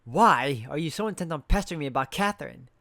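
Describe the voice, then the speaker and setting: A man voicing a brisk, sharp-tongued woman librarian nun with a curt manner, over background music. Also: fairly high pitch, expressive, vocal fry, no room sound, full character voice. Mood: curt, irritated. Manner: curt and cutting, then softly apologetic.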